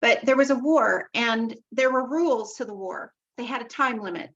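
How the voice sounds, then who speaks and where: A woman's voice: a little high, moderate pace, slight background noise. Woman hosting an online group call. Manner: warm-hearted, repeats herself, loving affirmations. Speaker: call host. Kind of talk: casual spiritual group call talk. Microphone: video call. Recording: dull lo-fi video call audio.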